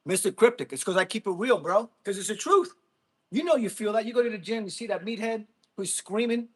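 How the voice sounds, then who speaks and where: Livestream host, New man, husky higher voice, blunt, mocking, quick to laugh. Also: expressive. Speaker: livestream host reading chat. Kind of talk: casual livestream rant. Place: gym.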